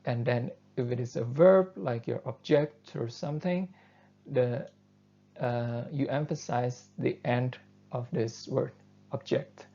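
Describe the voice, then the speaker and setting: A man who is not a native English speaker, giving a university lecture and explaining step by step, often pausing on fillers. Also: mid-range voice, gravelly. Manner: thoughtful, steady explaining with frequent fillers. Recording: dull lo-fi lecture recording.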